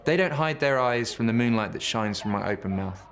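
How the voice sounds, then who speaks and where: A man reading a children's bedtime story aloud in a gentle, unhurried way. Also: mid-range voice, lively intonation, a little hiss or hum.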